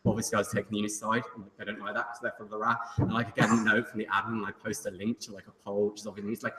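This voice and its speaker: A man's voice: on the low side, level tone, racing. A young man, talking in a loose, teasing, filler-packed way through a comic debate speech. He is picked up from a distance in a long-ringing hall. The recording carries heavy noise. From England. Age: young adult. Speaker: student debate speaker. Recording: echoey hall, far mic, loud noise.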